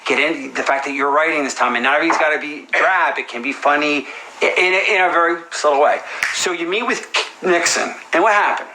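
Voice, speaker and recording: A man's voice: fairly high pitch, a little fast, echoey room, background noise, natural voice. An actor playing a pushy, rambling film director who keeps coaching another man in a comedy scene. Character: pushy fast-talking male film director.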